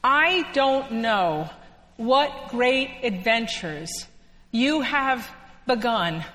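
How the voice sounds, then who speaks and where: A woman preacher giving a sermon in a church, telling the story in an unhurried way with dramatic pauses. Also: on the high side, lively intonation, sharp tone. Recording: long echo of a church hall.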